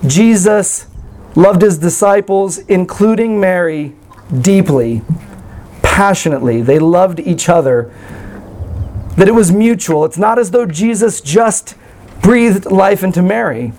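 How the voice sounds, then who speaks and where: High-voiced man preaching a sermon. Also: darkish tone, poor audio. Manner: earnest, conversational preaching with self-deprecating jokes. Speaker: pastor.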